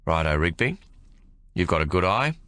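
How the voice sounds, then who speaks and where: A man voicing an army sergeant who gives orders calmly and firmly. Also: sits low, normal speed, no echo, full character voice. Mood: commanding. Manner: calm, firm, barks orders. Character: calm commanding male army sergeant.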